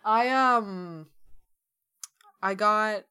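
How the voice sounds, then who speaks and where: A woman's voice: medium pitch, drawn-out words, pushed and bright, clean tone. A woman co-hosting a podcast in casual chat, easygoing with wry reactions. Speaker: podcast co-host.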